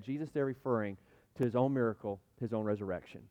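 A man preaching a sermon as pastor, reading scripture and swinging between loud emphasis and hushed asides. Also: mid-range voice, fast talker, no room sound, highs cut off.

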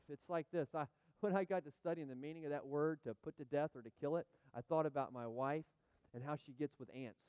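Emphatic man preaching in a dry, clear voice. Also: sits high, no room sound. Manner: animated, emphatic preaching with repeated phrases and asides to the congregation. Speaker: pastor. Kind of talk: sermon.

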